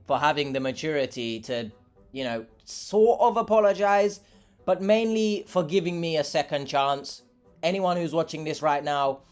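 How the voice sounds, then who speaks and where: Young man, vlogger, sarcastic, rambling, talks while eating, faint music behind. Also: on the high side. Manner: sarcastic, rambling, talks with his mouth full. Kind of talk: casual chat while eating.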